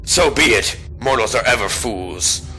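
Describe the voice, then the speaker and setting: A man voicing an arrogant ancient male demon lord, slow and menacing, reading game dialogue aloud. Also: medium pitch, lively intonation, pushed and bright, slight background noise, rough recording.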